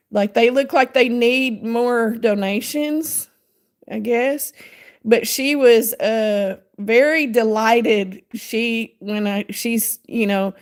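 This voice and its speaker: A woman talks casually to her crochet viewers, rambling from one thought to the next. Her pace is slow and unhurried, and she reads pattern text aloud in a mid-range voice. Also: medium pitch. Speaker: crochet channel host. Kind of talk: casual chat while crocheting live.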